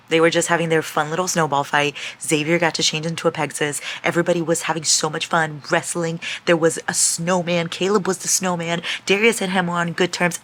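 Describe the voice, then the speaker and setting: A young woman talking excitedly in a casual reading vlog, gushing and swearing as she reacts to a book. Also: deep voice, quick pace, hardly any pauses. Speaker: book vlogger.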